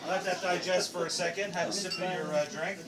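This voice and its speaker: A man's voice: high voice, steady tone, a little fast. A man with a Newfoundland accent hosting a screech-in ceremony, teasing and proud as he leads the crowd. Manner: showy, teasing, proud and declamatory. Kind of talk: performing a pub ceremony to a crowd. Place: busy pub. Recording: echoey room, far mic, loud crowd. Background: rowdy crowd.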